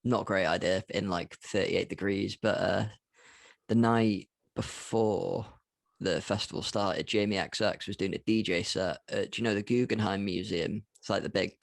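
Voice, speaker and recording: A man's voice: on the low side, normal speed, vocal fry, dry recording. A young man, co-hosting a podcast and telling stories bluntly, with plenty of swearing. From Wales. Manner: blunt, swearing, dry storytelling. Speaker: podcast co-host. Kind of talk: casual chat.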